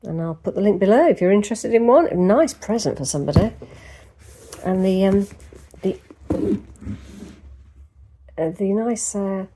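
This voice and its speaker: A woman's voice: medium pitch, animated, moderate pace, long pauses, dark tone, slight background noise. A woman vlogger chatting casually to camera, rambling and speaking directly to the viewer, first at home and later outdoors in a park. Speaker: lifestyle vlogger.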